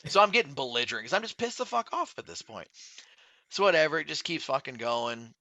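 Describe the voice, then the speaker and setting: A man, a podcast guest, telling a long story in a casual, animated and very profane way. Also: on the high side, quick pace, no echo, dull audio. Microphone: studio podcast mic.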